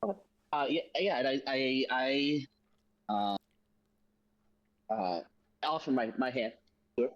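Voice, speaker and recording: A man playing in a tabletop game, speaking in a hesitant, halting way. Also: mid-range voice, no room sound, lo-fi sound. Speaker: player. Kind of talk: casual tabletop game play.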